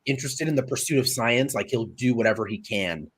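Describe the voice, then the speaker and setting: A man's voice: medium pitch, lively intonation, brisk, slightly rough. A man co-hosting a casual movie review chat, rambling and searching for words with lots of fillers. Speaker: podcast co-host.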